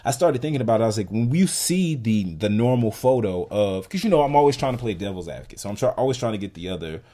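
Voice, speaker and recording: Animated low-voiced man on a podcast. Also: fast. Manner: animated, emphatic, heavy use of "like" fillers. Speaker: podcast co-host. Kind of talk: casual podcast commentary.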